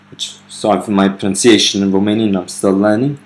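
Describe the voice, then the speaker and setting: A man with a lowish voice walks through a grammar lesson in a relaxed, unscripted way. He stops for fillers and corrects himself, then reads foreign example sentences aloud. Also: a little fast, few pauses. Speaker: language teacher. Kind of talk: explaining grammar on video.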